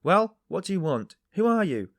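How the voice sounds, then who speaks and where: A man voicing an older male workman who speaks in a loud, agitated way, pitched above his own voice. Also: lively intonation, a little fast, no echo, lightly acted. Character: uneasy older male workman, rough laborer.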